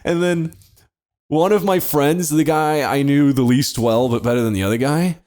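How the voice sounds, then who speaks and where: A man's voice: on the high side, normal speed, a little mellow. A young man on a comedy podcast, casually telling a story, swearing often and laughing.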